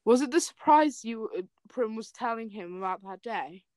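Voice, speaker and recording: A woman's voice: fairly high pitch, lively intonation, normal speed, a little mellow, no echo. A young woman hosting a casual chat, reading fan fiction aloud with melodramatic flair and joking between lines. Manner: reads melodramatically, breaks into laughter and jokes.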